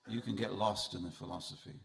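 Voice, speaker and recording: In a temple hall, a man gives a festival sermon full of humorous stories, speaking straight to his audience. His lowish, gravelly voice moves fairly quickly with fairly even intonation.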